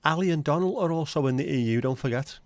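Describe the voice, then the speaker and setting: A man's voice: a little high, quick pace, no room sound. A man with a Scouse accent, hosting a livestream in casual, blunt, sweary banter with his viewers. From Liverpool, England. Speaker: livestream host.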